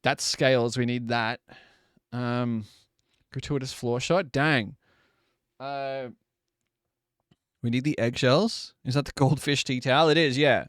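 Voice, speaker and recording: Brief: male streamer, mid-pitched, casual and profane, quick to laugh, bone-dry close mic at a home desk. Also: steady tone, fairly bright tone, dry recording. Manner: joking, swears freely, laughs often. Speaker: live streamer. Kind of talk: casual live-stream chat. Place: home desk while baking.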